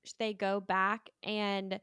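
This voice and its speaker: A woman's voice: medium pitch, flat delivery, slow pace, pushed and bright, clear, resonant tone, no room sound, studio quality. A woman chatting casually about a film on a podcast, leaning heavily on "like" as she talks. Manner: chatty, heavy use of "like". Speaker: podcast panelist. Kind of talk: casual movie discussion.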